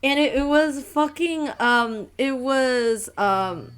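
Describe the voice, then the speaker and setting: A woman's voice: high voice, expressive, takes it slowly, clear, resonant tone. A woman co-hosting a casual podcast chat, rambling with lots of fillers and frequent laughter. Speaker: podcast co-host.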